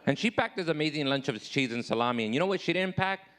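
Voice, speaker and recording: A man's voice: expressive, quick pace. Self-deprecating man doing stand-up. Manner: self-deprecating, swings high and loud when acting out his own replies. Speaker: stand-up comedian. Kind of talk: live stand-up comedy set.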